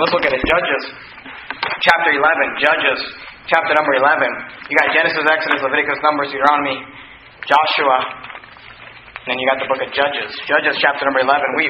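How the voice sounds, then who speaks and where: A man's voice: fairly high pitch, dull audio. A man preaching a sermon as pastor, reading scripture aloud and acting out the voices he quotes. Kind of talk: expository sermon. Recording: roomy echo, far from mic, noisy.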